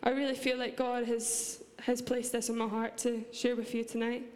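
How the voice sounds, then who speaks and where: A woman's voice: a little high, little pitch movement, moderate pace, darkish tone. Earnest Scottish woman preaching in a hall. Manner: earnest and heartfelt, with light laughs. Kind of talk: church sermon. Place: large church hall. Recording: long reverb of a church hall.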